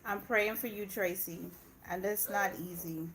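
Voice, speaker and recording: Chatty mom hosting a casual livestream. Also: female voice, mid-range voice, fairly even intonation, a little slow, a bit bright. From Indiana, US. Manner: chatty, laughs often, talks back to her kids. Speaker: personal finance channel host.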